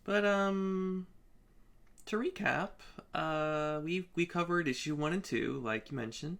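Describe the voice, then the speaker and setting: A woman chats about comics as a stream co-host, talking slowly and unhurriedly. Her voice has a gravelly, creaky edge. She pauses often on ums and uhs as she gathers her thoughts. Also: lowish voice. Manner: hesitant, with frequent ums and uhs. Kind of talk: casual chat.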